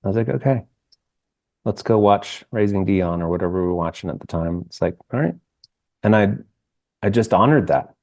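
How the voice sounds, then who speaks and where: On a dry-sounding podcast recording, a man in his fifties, a singer-songwriter appearing as a guest, reflects on his life in conversation. His low voice is warm, and he is nearly crying, speaking with earnest hesitation, constantly restarting and saying "like."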